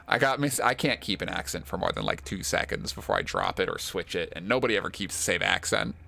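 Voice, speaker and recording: A man's voice: deep voice, fast talker, vocal fry, hardly any pauses, bright, forceful tone. A man streaming a video game, chatting casually with rambling, self-deprecating asides and frequent laughs.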